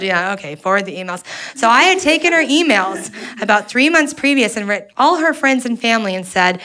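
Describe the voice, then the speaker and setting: Sarcastic woman comedian with a lively voice. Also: on the high side, fast. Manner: sarcastic, animated storytelling. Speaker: stand-up comedian. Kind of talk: stand-up comedy set. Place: comedy club stage. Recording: live audience laughing around.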